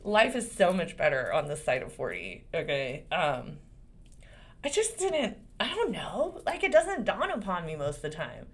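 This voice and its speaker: A woman in her forties hosts her own channel as a lawyer and speaks casually to the camera. Her voice is lively and rises and falls a great deal, and she moves from firm legal points to laughing asides. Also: on the low side, normal speed. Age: 40s. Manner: animated and expressive, swinging between serious points and laughter.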